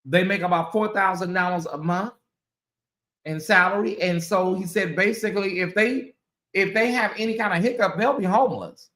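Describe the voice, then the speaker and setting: A woman hosting a commentary channel, talking casually to her viewers, animated and repeating herself as she exclaims. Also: mid-range voice, normal speed, roomy sound.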